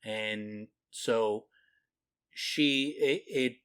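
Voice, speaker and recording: A man's voice: medium pitch, extremely slow, a bit bright, smooth. A man co-hosting a podcast, chatting casually about a novel and often trailing off and restarting. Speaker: podcast co-host. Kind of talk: casual book discussion.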